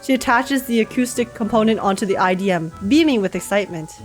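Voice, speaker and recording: A woman's voice: medium pitch, quick pace, soft background music. A woman streamer reacting to a story game, gushing, giggling, and reading the story aloud.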